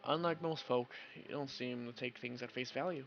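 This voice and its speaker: A man voicing a troubled young male detective partner who speaks softly and somberly. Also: medium pitch, moderate pace, highs cut off, faint music behind, natural voice.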